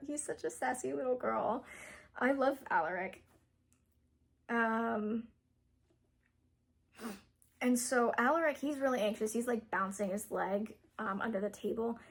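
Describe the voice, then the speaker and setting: Young woman gushing about a book plot, breathy kinda high voice, lots of likes and ums. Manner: rambling, full of "like" and "um" fillers, giggly. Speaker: book reviewer. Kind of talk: casual plot retelling.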